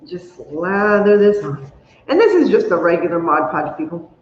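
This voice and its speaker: A chatty woman hosting a crafting livestream, talking along as she works and squealing high whenever something thrills her. Her voice sits in a roomy space with a long ring after each phrase. The sound is a bit dull and lo-fi, with a faint hum underneath. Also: moderate pace. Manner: chatty, excitable, squeals when delighted. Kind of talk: casual livestream chat while crafting.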